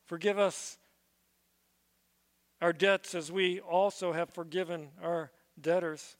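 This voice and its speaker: Slow-paced and fairly even in intonation, a high-pitched pastor reads scripture aloud before teaching on it in earnest, often repeating a word when he starts over. The sermon echoes with the long reverb of a big room.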